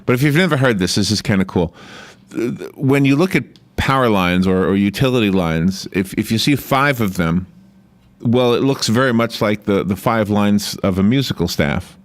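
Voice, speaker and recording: A man's voice: lowish voice, expressive, moderate pace. A man hosting a morning radio show, chatting casually and rambling with restarts, easily amused. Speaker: radio host.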